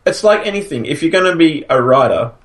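A man's voice: fairly high pitch, expressive, fairly quick. A man co-hosting a podcast in casual chat, rambling and restarting his sentences. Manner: rambling, restarts often, laughs at own stories. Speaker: podcast co-host.

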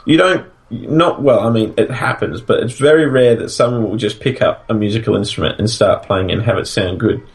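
A man's voice: fairly low pitch, brisk, few pauses. Casual rambling man on a podcast. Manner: rambling, restarts often, laughs at own stories. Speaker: podcast co-host. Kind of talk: casual chat.

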